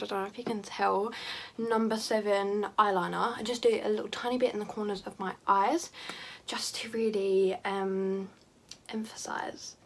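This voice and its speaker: A teenage girl talking casually through her makeup routine, chatty and self-mocking, drifting into rambling asides. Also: mid-range voice. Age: teens. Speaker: beauty vlogger. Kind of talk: casual makeup tutorial chat.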